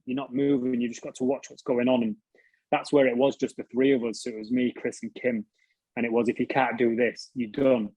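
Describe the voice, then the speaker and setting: A man's voice: mid-range voice, a little mellow, breathy edge, no room sound, rough recording. A British man telling stories as an interview guest, casually, swearing freely and laughing at himself. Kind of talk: casual storytelling.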